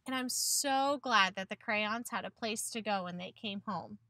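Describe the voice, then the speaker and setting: A woman's voice: mid-range voice, measured pace, sharp tone, no echo. A woman teacher giving a picture-book read-aloud lesson to children, encouraging them and asking questions that she answers herself.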